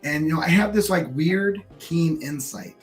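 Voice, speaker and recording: A man's voice: on the high side, moderate pace, faint music behind. An American man telling a story in casual, profanity-laced pub chat. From United States. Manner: animated storyteller, swears freely.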